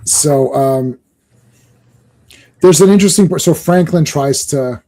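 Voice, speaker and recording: A man's voice: a little high, unhurried, dark tone. A man co-hosting a casual comic book chat, joking and acting out panels in silly voices. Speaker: podcast co-host.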